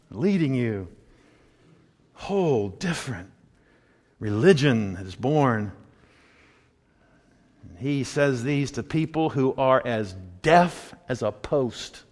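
A man giving a sermon, telling his own testimony, dropping to a hush and then rising loud. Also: medium pitch, expressive, slow, long pauses. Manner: storytelling, swings between hushed and loud. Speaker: preacher. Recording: long hall reverb.

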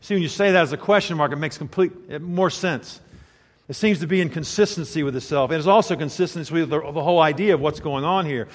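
A male pastor delivering a sermon, moving between soft, intimate storytelling and loud, fervent preaching. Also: fairly high pitch, fast talker, long reverb tail.

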